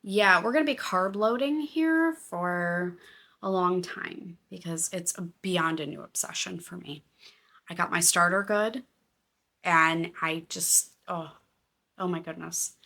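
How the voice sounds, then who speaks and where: A woman hosting a casual knitting and crafts podcast, chatty and excitable with a self-deprecating manner. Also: on the low side, slow. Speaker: podcast host. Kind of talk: casual chat.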